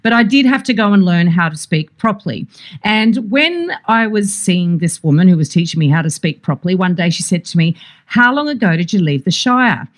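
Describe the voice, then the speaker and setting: A woman's voice: lowish voice, sing-song, a little fast. An Australian woman co-hosting a podcast in casual chat, rambling through anecdotes and laughing often. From Sydney, Australia. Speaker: podcast co-host.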